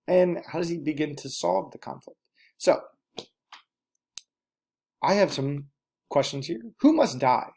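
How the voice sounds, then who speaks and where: A man's voice: medium pitch, mellow. A male teacher giving a recorded lesson, speaking directly to students and repeating instructions.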